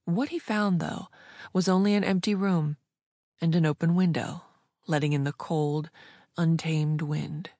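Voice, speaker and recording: A woman with a low-pitched voice reading a story aloud, smooth and measured in her delivery. The recording is dry and close, with no room sound around her. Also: fairly even intonation, dark tone, no echo. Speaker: audiobook narrator. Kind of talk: scripted narration.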